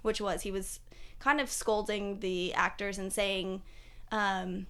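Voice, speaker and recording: A young woman hosting a podcast with a partner, chatting casually about pop culture. Her voice sits at a medium pitch and she talks in a lively, rambling way, full of "like" and "um". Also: a little slow. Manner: chatty, animated, many fillers and laughs. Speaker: podcast co-host.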